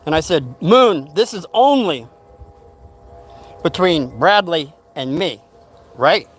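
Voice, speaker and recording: An older man casually telling a rambling story from his youth, acting out what people said. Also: on the high side. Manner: rambling, animated retelling with acted-out quotes.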